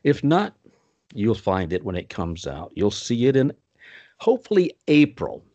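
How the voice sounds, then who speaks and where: Animated older male storyteller. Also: unhurried, dull audio. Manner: animated storyteller with sudden swoops in pitch; puts on Southern voices for quoted people. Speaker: interview guest. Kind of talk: storytelling in a podcast interview.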